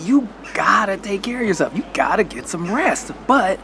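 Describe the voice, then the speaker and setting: A man's voice: high-pitched, sing-song, normal speed, gravelly, pushed and bright, a little hiss or hum. An American man vlogging in a candid, reflective way, full of casual slang. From United States. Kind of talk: casual talk to camera.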